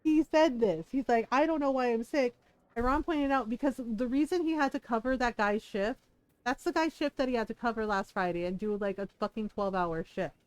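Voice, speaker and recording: A middle-aged woman streamer telling a story in casual chat, animated and profane, laughing as she talks. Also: a little high, brisk, clear, resonant tone, dry recording, poor audio. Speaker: live streamer.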